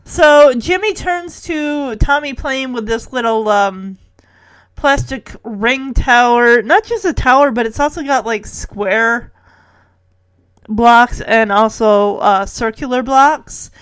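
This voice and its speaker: Woman, high voice, casual episode recap, gushing, emotional, laughs often. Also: takes it slowly, clean tone.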